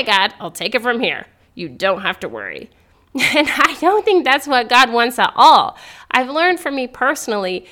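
A young woman hosting a faith podcast, talking earnestly and excitedly, often laughing and rising into eager exclamations. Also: a little high. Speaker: podcast host. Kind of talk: encouraging faith talk.

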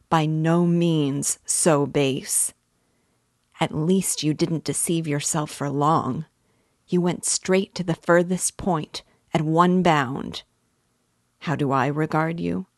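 An earnest middle-aged investigator pleads with slow, patient insistence, read by a woman in her own low, unhurried voice. The sound is dry and close, with no room around it. The manner is fatherly and pressing. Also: steady tone, a little mellow, no echo.

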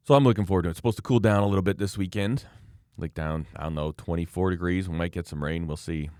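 A man's voice: low-pitched, fast talker, smooth, no echo, clean studio sound. A middle-aged man from Alberta co-hosting a casual chat, rambling through stories and sometimes jumping into people's voices. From Alberta, Canada. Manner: rambling storyteller, animated when quoting people.

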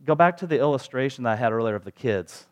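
A male preacher delivering a sermon in a relaxed, conversational tone. His voice sits in an ordinary middle pitch, and he leans on rhetorical questions to draw listeners in. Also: quick pace.

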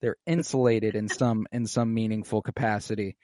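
A man's voice: lowish voice, fairly even intonation, normal speed, a little mellow, dry recording. Male host, casual recap chat, loose and rambling, dry voice. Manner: loose, rambling, many fillers.

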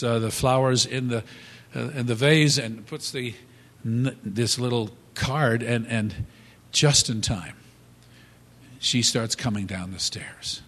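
A man telling a motivational story in a halting, animated way, with many restarts. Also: mid-range voice. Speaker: speaker. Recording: long hall reverb.

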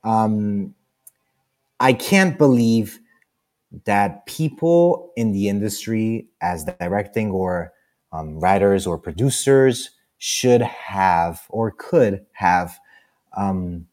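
A man from Italy with an Italian accent, a guest in an interview, telling anecdotes in a lively way and often laughing. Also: fairly low pitch, takes it slowly. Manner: animated storyteller, laughs often, acts out quoted lines.

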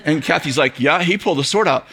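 A middle-aged man preaching to a church audience, telling a story in an animated way, acting out quoted voices and laughing often. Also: fairly high pitch, fast talker, breathy edge. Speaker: pastor. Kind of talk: storytelling sermon.

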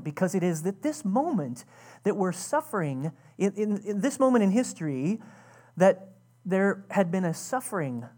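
A woman's voice: fairly low pitch, a little mellow, slightly rough. A woman pastor giving a conversational, earnest sermon, often restarting her sentences.

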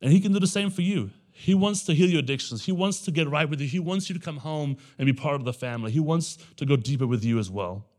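A young adult male pastor delivering a relaxed, conversational sermon. He talks to the congregation like friends, often tossing in "right?". He breaks into animated little impressions of the people in the story. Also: on the high side. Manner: casual preaching, keeps asking the room "right?"; animated, acts out the characters in quick asides.

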